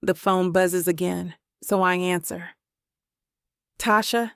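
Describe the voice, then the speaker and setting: A woman narrating a romance audiobook in the first person, telling it in a slow, deliberate way. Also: medium pitch, level tone, gravelly, dry recording, studio quality.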